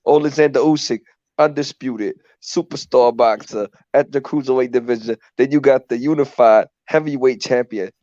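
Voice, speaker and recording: A grand male boxing ring announcer, as a man hams it up, stretching every title in a booming, drawn-out call. His voice sits at a middle pitch and comes through dull and lo-fi, with a dry, close sound. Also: a little mellow, no room sound, close to an everyday voice. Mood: announcing.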